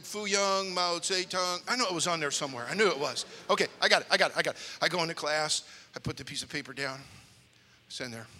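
Bright-voiced preacher telling a comic story in a hall. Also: male voice, on the high side, fast. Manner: animated storyteller with comic timing and character voices. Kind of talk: humorous sermon storytelling. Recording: long hall reverb.

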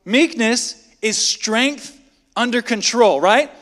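His voice extremely high and a bit bright, a man preaches slowly at a midweek service in the church sanctuary. He chats conversationally with the congregation and fires rhetorical questions at them, with a long hall reverb behind him.

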